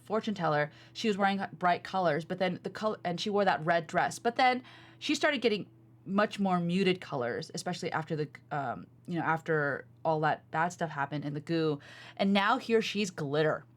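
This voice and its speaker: A woman co-hosting a casual podcast, chatting in an animated way with lots of fillers. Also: on the low side, normal speed. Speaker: podcast co-host. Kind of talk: casual chat.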